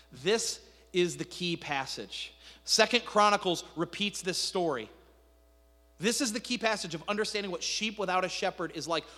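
A man preaching a sermon, retelling a scripture story in an animated, casual way with asides. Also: sits high. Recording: echoey hall reverb.

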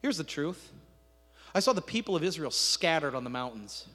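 A man's voice: a little high, big pitch swings, normal speed, sharp tone, exaggerated voice. A man voicing an earnest, stubborn prophet who speaks solemnly, during a sermon retelling. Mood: grave. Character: stubborn honest male prophet, grave. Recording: echoey hall reverb.

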